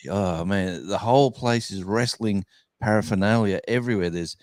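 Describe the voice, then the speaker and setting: Deep-voiced Australian man, rambling. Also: normal speed, no room sound. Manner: rambling, many fillers and restarts. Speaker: guest musician. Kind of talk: casual storytelling chat.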